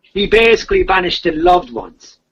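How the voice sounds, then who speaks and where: A man's voice: high voice, animated, normal speed, fairly bright tone, slightly rough. A man casually retelling an old legend, repeating himself and restarting as he goes. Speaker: storyteller. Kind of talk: casual storytelling. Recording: dull lo-fi recording.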